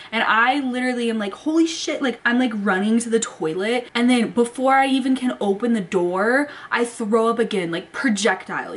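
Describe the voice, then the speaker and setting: Dramatic young woman telling a storytime. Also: fairly high pitch. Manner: dramatic, profane, lots of "like". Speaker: vlogger. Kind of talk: casual storytime vlog. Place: home, indoors.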